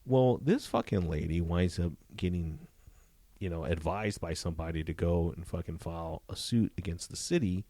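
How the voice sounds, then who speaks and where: A man, a former police detective, telling profane, animated stories from his career in a casual interview. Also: low-pitched, normal speed, no echo. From Southern California. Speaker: retired police detective, guest.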